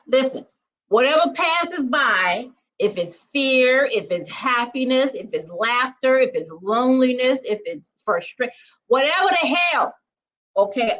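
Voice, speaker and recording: A woman's voice: a little high, fairly bright tone, rough recording. A woman talking in a casual vlog monologue. She is emphatic, speaks straight to her viewers, keeps asking "okay?", and laughs easily. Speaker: spiritual vlogger.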